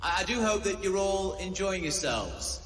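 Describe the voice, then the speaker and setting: An actor playing a nervous male music teacher who makes a halting speech in a film clip. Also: sits high, lively intonation, fairly bright tone. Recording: distant film audio with reverb and music.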